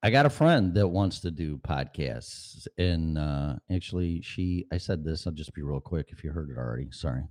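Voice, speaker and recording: A podcast host chatting casually and profanely during a sound check, rambling and often clearing his throat. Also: a bass voice, animated, moderate pace, few pauses, darkish tone.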